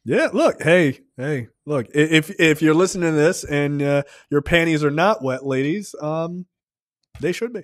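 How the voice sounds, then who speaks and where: A man's voice: a little high, moderate pace, hardly any pauses, no room sound, clean studio sound. A man co-hosting a podcast, chatting casually in a brash, profane, joking way. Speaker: podcast co-host. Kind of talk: casual chat.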